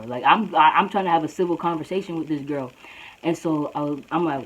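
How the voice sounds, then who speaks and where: Young woman, storytime vlog, slangy and casual, husky low voice. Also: fast talker, poor audio. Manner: casual slangy storytelling, says "bro" a lot. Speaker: vlogger.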